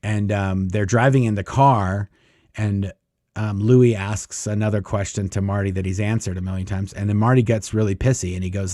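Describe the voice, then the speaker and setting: A man's voice: fairly low pitch, fairly even intonation, moderate pace, warm tone, no room sound, clean studio sound. A man telling a long personal story in a casual, rambling way, full of fillers, acting out what others said. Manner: rambling, many fillers, acts out quoted lines. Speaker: guest storyteller.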